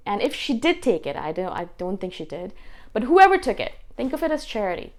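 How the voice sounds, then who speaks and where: A woman vlogger talking casually to her viewers, animated and acting out the voices she quotes. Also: medium pitch. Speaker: spiritual vlogger. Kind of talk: casual talk to camera.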